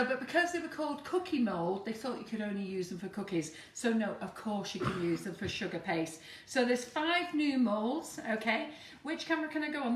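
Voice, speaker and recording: A woman hosting a live cake-decorating demo, chatty and teasing. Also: a little high. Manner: chatty, teasing, laughs often. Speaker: shop host. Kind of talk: live-stream demo chat. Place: shop demo kitchen. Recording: echoey kitchen from far off.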